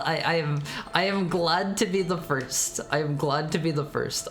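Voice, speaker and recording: A woman streaming a retro game and chatting casually with viewers, often stammering and repeating her words. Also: deep voice. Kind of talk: casual chat while playing a retro game. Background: faint game music.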